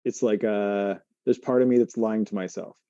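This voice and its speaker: Male co-host, very dark warm tone, halting casual delivery, dull dry recording. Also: lowish voice, fairly even intonation, clear, resonant tone, no echo. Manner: halting, restarts often while working through feelings. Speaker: podcast co-host. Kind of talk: casual chat. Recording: muffled, dry.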